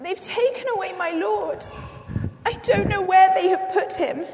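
A very high, breathless young woman pleads in a rush, as a woman reading a Bible story voices her. The sound carries a long reverb from a hall with faint noise behind it. Her voice keeps an urgent, distraught edge. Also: a little slow, a little mellow.

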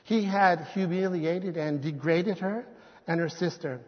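A man with a high voice preaches earnestly, and each phrase lingers in a long hall reverb. The sound is muffled and dull, as if captured on a modest church recording. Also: measured pace. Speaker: pastor. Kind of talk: sermon.

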